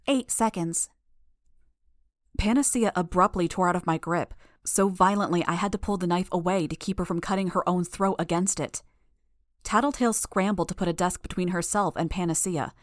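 A woman reading a first-person action novel as an audiobook in a steady, measured way. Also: lowish voice, no echo, studio quality. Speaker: audiobook narrator.

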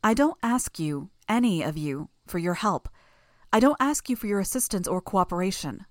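A woman voicing a composed, authoritative female leader who speaks in a measured, firm way. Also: medium pitch, expressive, dry recording, studio quality, natural voice. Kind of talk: audiobook character voice.

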